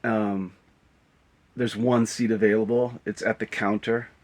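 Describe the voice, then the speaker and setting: In a lowish voice with a level tone and measured pace, the travel vlogger rambles and reflects, breaking into laughter now and then. He speaks outdoors on the road and then from inside his vehicle on a cold morning.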